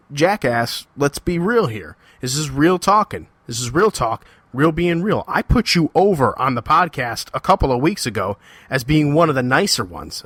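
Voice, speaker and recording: Bright-voiced man ranting on his podcast. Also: mid-range voice, no echo. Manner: heated, confrontational ranting; repetitive, emphatic phrasing. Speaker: podcast host. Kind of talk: solo podcast monologue.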